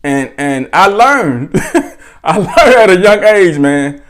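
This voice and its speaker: A man from Mississippi telling a family story casually, animated and full of "right?" asides. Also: sits high, slow pace. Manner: animated, dialect-rich, chuckling asides with frequent "right?". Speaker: storyteller host.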